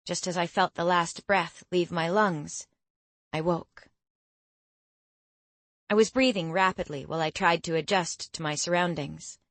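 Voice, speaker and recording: Female audiobook narrator, lowish voice, dry close sound, measured storytelling. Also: dry recording. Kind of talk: scripted first-person narration.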